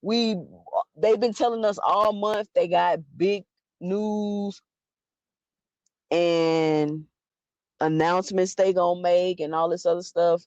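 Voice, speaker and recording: A woman's voice: on the low side, dry recording. A woman giving an opinionated boxing commentary, emphatic and full of rhetorical questions. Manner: animated, emphatic, rhetorical questions, quick restarts. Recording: dull lo-fi dry sound.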